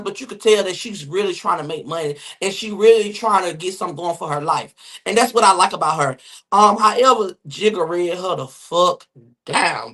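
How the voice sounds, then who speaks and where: Sassy streamer dishing gossip. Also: male voice, sits high, sharp tone. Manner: sassy, rapid, swearing, addresses chat viewers. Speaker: gossip show host. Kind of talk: livestream gossip commentary. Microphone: phone or webcam mic on livestream.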